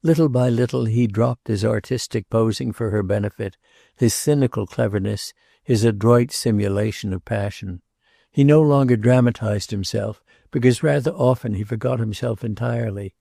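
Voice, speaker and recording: A man reading a novel aloud as an audiobook narrator, in a measured, unhurried way. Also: fairly low pitch, creaky, warm tone, dry recording, studio quality. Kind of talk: scripted narration.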